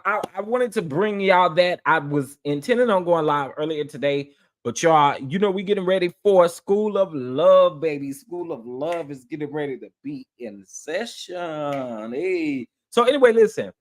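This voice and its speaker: A man hosting a casual live stream, talking in a sassy, animated way and repeating phrases for emphasis. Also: on the high side. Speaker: livestream host.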